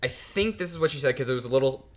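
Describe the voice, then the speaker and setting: A man's voice: medium pitch, expressive, rapid-fire. Teenage boy, podcast guest, rambling storyteller, fillers. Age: teens. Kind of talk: casual storytelling.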